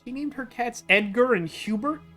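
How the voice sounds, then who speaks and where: A man's voice: very high voice, moderate pace, sharp tone, soft background music. A young man rambling through casual gameplay commentary as a let's play host, full of fillers. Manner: chatty, rambling with many fillers.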